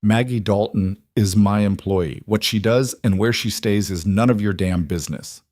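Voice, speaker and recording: A man's voice: fairly low pitch, normal speed, darkish tone, no room sound, studio quality, natural voice. A man voicing a hardened, grim male rancher and war veteran who speaks in short, clipped lines. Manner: terse, clipped.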